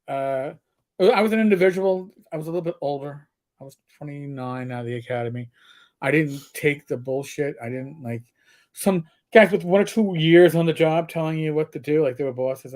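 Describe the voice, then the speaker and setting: A middle-aged former police officer co-hosts a livestream, telling blunt stories in casual chat and swearing freely. His voice is fairly high-pitched with a darkish tone.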